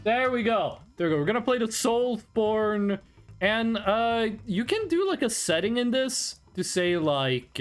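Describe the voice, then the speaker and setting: A casual live-stream talker reacting to chat, blunt and quick to swear. The voice sits in a middle register but swings up and down a lot. Soft music plays faintly behind. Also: mid-range voice. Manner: animated, blunt, swears and laughs often.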